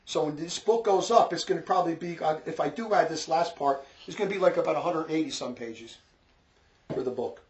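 A man's voice: on the high side, darkish tone. A man with a New Jersey accent giving an informal religious lecture, talking emphatically and repeating his points. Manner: emphatic, repetitive, quick to scold. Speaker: religious teacher.

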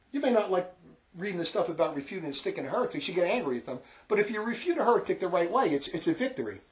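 A man with a New Jersey accent lectures on faith in an emphatic, repetitive way, pressing his points again and again. His voice sits a little higher than most men's. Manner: emphatic, repetitive, quick to scold. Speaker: religious teacher. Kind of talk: informal religious lecture.

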